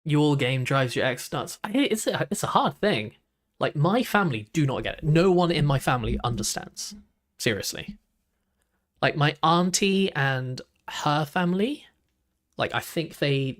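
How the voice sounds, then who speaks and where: A man's voice: mid-range voice, a bit bright. A young man, chatting casually while reacting to videos, rambling with lots of "like" and restarts.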